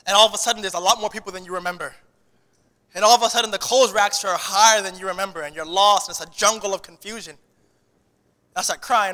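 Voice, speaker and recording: A male pastor delivers an animated sermon in a high, bright voice, often stumbling and restarting mid-phrase. His words ring out with the long reverb of a church hall. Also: fast talker. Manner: animated preaching with many restarts.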